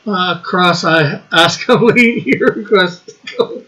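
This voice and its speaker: A man with a high, bright voice hosts a loose livestream chat. He reads viewer messages aloud and keeps breaking into giggles. His delivery is easygoing and chatty. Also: slow pace, rough recording. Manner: giggly, laughs often between lines. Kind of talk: casual chat.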